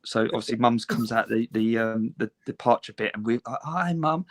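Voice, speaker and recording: A man's voice: medium pitch, moderate pace. An English man co-hosting a podcast, chatty and jokey, telling a story to the guest and calling people mate. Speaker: podcast co-host. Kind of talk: casual chat, storytelling.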